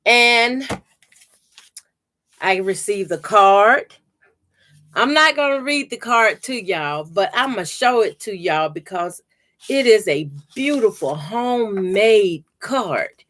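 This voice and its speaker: A woman's voice: mid-range voice, expressive, takes it slowly, fairly bright tone. A woman hosting a quilting channel, chatting casually on a home livestream, greeting viewers by name and showing her work to the camera. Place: home room by a door.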